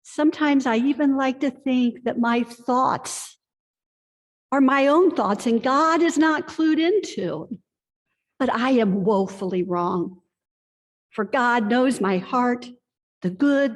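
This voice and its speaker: A woman pastor delivers a sermon at a slow, deliberate pace, her voice sitting a little high for a woman. Her words carry a long reverb from the church hall around her. She tells stories in an earnest, confessional way. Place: church sanctuary.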